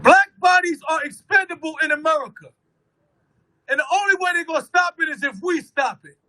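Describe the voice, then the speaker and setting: Man, rally speaker, impassioned shouted oratory, rhythmic delivery, very high piercing voice. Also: fairly quick, poor audio. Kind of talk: impassioned protest rally speech.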